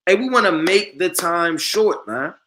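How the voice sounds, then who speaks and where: A man preaching a sermon, reading scripture slowly and forcefully and peppering his talk with "man" and "you understand.". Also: sits high, animated, a little hiss or hum. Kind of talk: street-style sermon.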